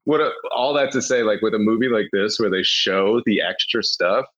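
A man chatting casually on a podcast, telling an animated story with frequent swearing and laughter. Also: fairly low pitch, moderate pace, muffled recording.

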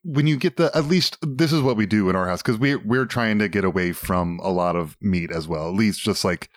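A man's voice: fairly low pitch, a little fast, no room sound, clean studio sound. A man co-hosting a casual talk show, rambling, swearing and enthusiastic. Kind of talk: casual chat.

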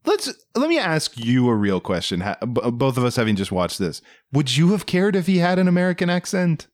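A man's voice: medium pitch, brisk, no echo, studio quality. A man co-hosting a podcast, chatting casually and wryly about a movie, with many restarts. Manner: animated, wry, restarts a lot. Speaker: podcast co-host. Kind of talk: casual movie review chat.

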